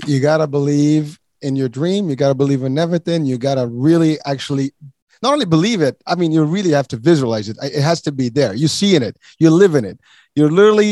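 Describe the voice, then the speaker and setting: A man's voice: fairly high pitch, darkish tone, no echo, studio quality. Upbeat, laughing man co-hosting a talk. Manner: laughs often, upbeat and repetitive. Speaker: co-host. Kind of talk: motivational talk show chat.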